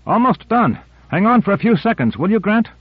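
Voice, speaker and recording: A man voicing an excited male scientist, jubilant and urgent, on a narrow-band tape recording. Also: high-pitched, fairly quick, breathy edge, dry recording, voice pushed up, full character voice.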